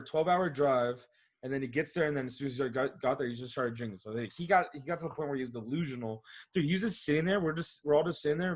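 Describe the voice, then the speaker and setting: Young dude rambling thru a story, swears every other word, average pitch. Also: male voice. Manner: heavy swearing, rambling with restarts. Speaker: podcast co-host. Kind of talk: casual storytelling chat.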